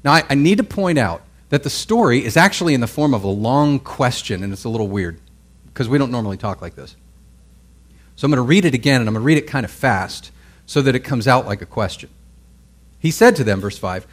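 Animated and brisk, a man with a medium-pitched voice preaches to his Bible class as pastor. The tone is conversational, with regular check-ins with the audience and phrases begun again.

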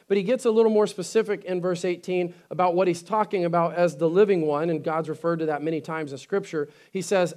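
A male pastor delivers a sermon in a high voice. He preaches with strong emphasis, rising to loud declarations and dropping to quiet, earnest passages. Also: fairly even intonation, quick pace, few pauses. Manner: emphatic, swings between loud and soft; acts out scripture quotes.

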